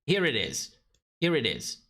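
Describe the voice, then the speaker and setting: A man's voice: mid-range voice, wildly swooping pitch, a little slow, a bit bright. A man giving sarcastic, profane livestream commentary on a drag competition show, often laughing mid-sentence.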